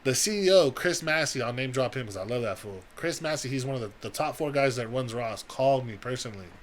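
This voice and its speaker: A young man with a California accent telling a wild story on a podcast, profane and animated, acting out the quotes. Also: mid-range voice, quick pace, a little hiss or hum. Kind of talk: casual storytelling.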